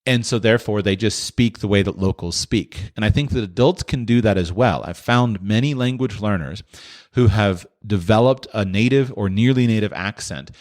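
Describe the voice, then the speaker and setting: A man's voice: fairly low pitch, moderate pace, a little mellow. A man hosting a podcast, answering listener questions in a thoughtful, explanatory way with frequent restarts. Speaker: podcast host.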